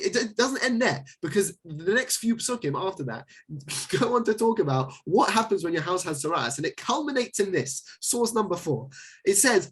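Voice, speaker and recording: A male rabbi teaching a Torah class, his husky voice swooping up and down in an animated way. He jokes and exclaims as he works through the sources with his listeners. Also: high-pitched, normal speed.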